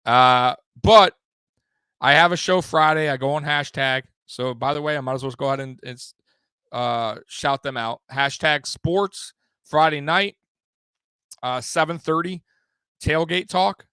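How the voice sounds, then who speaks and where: A young man hosting a live sports show, swearing freely and rambling with sudden loud bursts. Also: fairly high pitch, a little slow, clear, resonant tone, no room sound. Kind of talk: casual live-stream sports talk.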